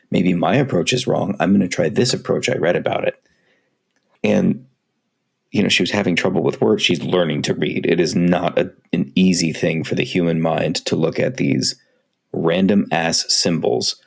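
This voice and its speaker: A man's voice: low voice, vocal fry. A man co-hosting a casual podcast conversation, speaking candidly and self-critically and swearing freely. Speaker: podcast co-host.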